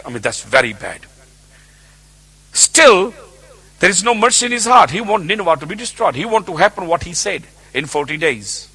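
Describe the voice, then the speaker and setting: Preacher guy, high voice, bouncy and animated, acts out the bible story. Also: husky. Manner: animated storytelling, acting out the characters. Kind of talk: sermon on a Bible passage.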